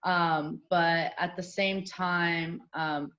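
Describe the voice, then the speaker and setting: A woman with a low voice answers interview questions thoughtfully, hedging with fillers. The sound is dull and lo-fi. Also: fairly even intonation, drawn-out words, fairly bright tone. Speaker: company co-founder, guest.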